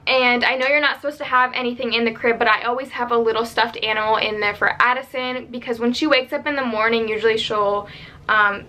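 Talking to camera in a bright, slightly high voice that sounds a little pushed, a young adult woman vlogger shares mom advice. She rambles in a chatty way, with many "like" and "um" fillers.

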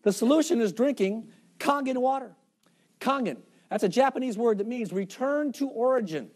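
A man's voice: very high voice, normal speed. A man giving a sales presentation to a room of people, joking and acting out little voices. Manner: animated, jokey, acts out little voices. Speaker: product presenter.

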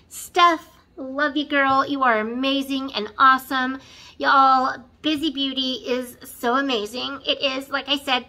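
A bright, fairly high woman's voice, unhurried and drawn out, chatting through a beauty box unboxing. She gushes and keeps turning to her viewers, then sinks into soft whispers over products she loves. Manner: gushing, excitable, keeps addressing viewers; drops to soft whispers when admiring products. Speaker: beauty vlogger. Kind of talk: casual unboxing chat.

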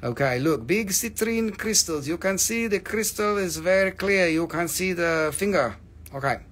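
A man's voice: high voice, lively intonation, moderate pace, a bit bright. A man hosting a live crystal sale, joking and teasing viewers, swearing freely and acting out mock despair over his own discounts. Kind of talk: joking live sales chat.

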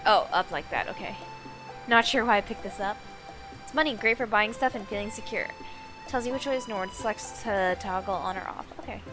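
A woman's voice: medium pitch, a little fast. A woman streamer giving playful, giggly, chatty commentary while she plays a game. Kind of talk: casual gameplay commentary. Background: game music.

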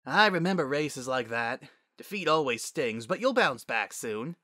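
Brief: man doing a tired friendly stallion, kindly and weary, bright dry read. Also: mid-range voice, very animated, measured pace, no room sound, voice pushed up, heavily acted. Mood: consoling.

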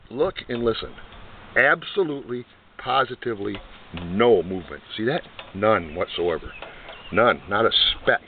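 A man's voice: lowish voice, slight background noise. Older man rambling through a bike repair. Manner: rambling, repeats himself, asks the viewer to watch. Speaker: motorcycle hobbyist showing repairs. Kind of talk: casual how-to demonstration. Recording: tinny lo-fi camera audio.

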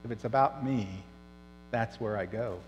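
A middle-aged man preaching a sermon as pastor, telling stories and dropping soft and low on serious points. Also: normal speed, big-room sound, dull audio, soft background music. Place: church.

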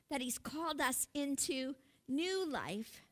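A woman pastor preaches in a slow, measured sermon. Her voice sits high and sounds bright. She speaks earnestly, turning to the congregation with asides and laughing lightly between her points. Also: lively intonation.

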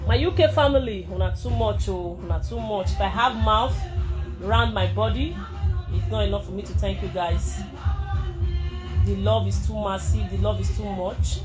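A young Nigerian social media personality chats excitedly with fans on a live video, her medium-pitched voice slipping between English and Pidgin. She keeps bursting into shouts and laughter.

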